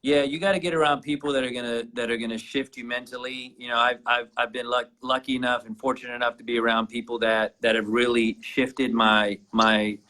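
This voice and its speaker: A man's voice: medium pitch, flat delivery, a little fast, few pauses, sharp tone, poor audio. A man, a guest entrepreneur, casually telling a personal story with many restarts.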